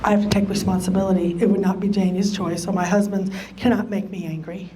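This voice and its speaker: In a church meeting room, a Bible study teacher delivers a lesson on relationships in a mid-range, mellow voice, speaking fast with a level tone. The woman is emphatic, repeating key phrases and acting out what people might say.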